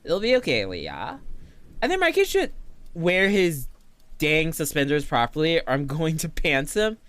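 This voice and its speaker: Playful, lively streamer guy chatting. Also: a little high, unhurried, no room sound. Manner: playful, laughs often, reads and answers chat; refers to himself in the third person. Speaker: VTuber streamer. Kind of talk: casual livestream chat while drawing.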